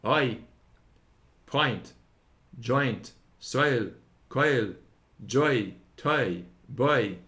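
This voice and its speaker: Man reading a grammar lesson aloud, unhurried, sounds out every example word one by one. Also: mid-range voice, expressive, bright, forceful tone. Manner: slow, deliberate, sounding out each example word.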